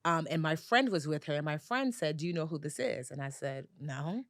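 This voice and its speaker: A woman being interviewed as a personal finance expert, telling lively stories in casual chat with lots of fillers. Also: low-pitched, fairly quick, no room sound, clean studio sound. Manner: animated, lively storyteller with many "like"s.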